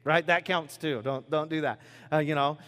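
A man's voice: on the high side, fairly even intonation, moderate pace, a bit bright. A male pastor giving a casual, joking sermon and acting out quoted voices. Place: church sanctuary. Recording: preached in a large reverberant hall.

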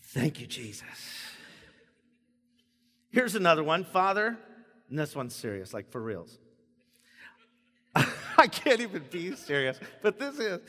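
Playful pastor with a lively voice. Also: male voice, fairly high pitch, a little slow, pauses often, long reverb tail. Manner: playful, animated, acts out stammering prayers. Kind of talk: sermon.

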